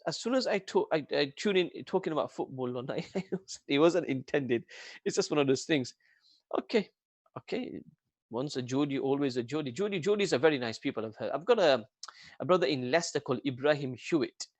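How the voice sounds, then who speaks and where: A man hosting a local radio show in casual chat, jokey and rambling, with a British accent, getting excitable and reading phone numbers out slowly. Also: fairly high pitch, dry recording. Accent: British English. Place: radio studio.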